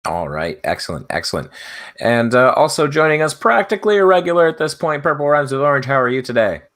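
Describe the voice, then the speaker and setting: A man's voice: a little high, fast talker. A man hosting a casual online panel show, greeting each guest in turn and often saying "excellent", over a video call. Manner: relaxed, repeats "excellent". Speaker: host.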